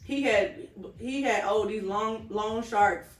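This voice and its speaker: A woman's voice: mid-range voice, takes it slowly. A woman co-hosting a casual podcast who chats easily and passes on what friends and family said. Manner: chatty, reads out others' answers. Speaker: podcast co-host. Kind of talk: casual chat. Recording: roomy, distant mic.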